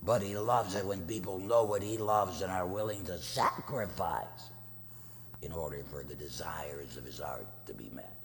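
A middle-aged man preaching a sermon as pastor, telling a family story with acted quotes, swinging from loud to hushed. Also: sits low, moderate pace, gravelly. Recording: long reverb, faint noise.

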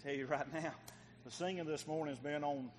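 Folksy preacher in a reverberant church. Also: male voice, a little high, steady tone, fairly quick. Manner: folksy, talks directly to the congregation. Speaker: pastor. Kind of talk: sermon. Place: church sanctuary. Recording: long church reverb, faint noise.

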